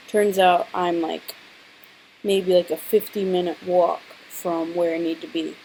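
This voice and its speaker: A young woman vlogger with a sore throat tells a story to camera in a casual, chatty, dramatic way, saying "like" a lot. Her voice is on the low side, darkish, fairly even and a little slow, in a low-quality recording with some hiss or hum.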